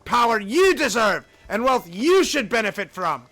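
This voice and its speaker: A man's voice: very high voice, big pitch swings, normal speed, pushed and bright, voice pushed up, heavily acted. Brief: Scottish-accented union firebrand, rousing and declaiming, voiced by a man in a game. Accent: put-on Scottish. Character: fiery male union organizer rallying workers.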